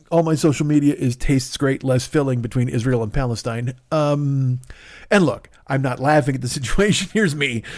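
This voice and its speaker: A man hosting a solo comedy podcast from his desk, rambling and interrupting himself with sarcastic asides. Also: a little high. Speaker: podcast host. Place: at a desk in a home studio. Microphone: studio microphone.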